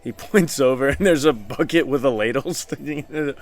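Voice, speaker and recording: A man's voice: mid-range voice, fairly quick. A man narrating as game master in a casual tabletop game, often laughing as he describes the scene. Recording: faint background music.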